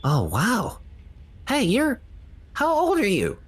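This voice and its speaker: A woman voicing a shy, excitable teenage tiefling boy who stammers and gushes in a tabletop role-play. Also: mid-range voice, slow, slightly rough, full character voice. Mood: flustered. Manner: stammering, eager, gushing.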